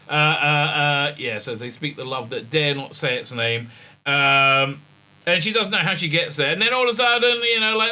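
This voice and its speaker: Male reviewer, sarcastic and rambling, bright tense tone, slightly high pitch. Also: fairly quick. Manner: sarcastic, rambling, acts out quotes in high squeaky voices; many fillers and hesitations. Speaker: reviewer and show host. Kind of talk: casual review recap.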